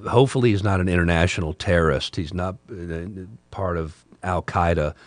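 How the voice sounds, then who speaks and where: A man's voice: deep voice, fairly quick, no echo. An older man, a podcast host with a talk radio past, casually telling a rambling story with repeated words.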